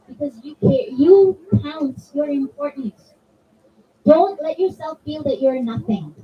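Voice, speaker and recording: High-voiced woman speaking to children. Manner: chatty, asks the kids questions and answers them. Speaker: zakira addressing a children's majlis. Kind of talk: conversational religious talk to children. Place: community center hall. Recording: distant, dull mic with faint room ambience.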